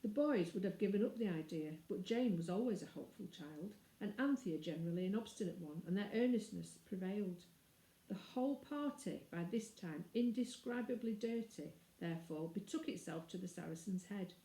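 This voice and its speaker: A woman reading a classic children's novel aloud in a clear, measured storytelling manner. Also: mid-range voice, mellow. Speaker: reader. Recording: roomy echo.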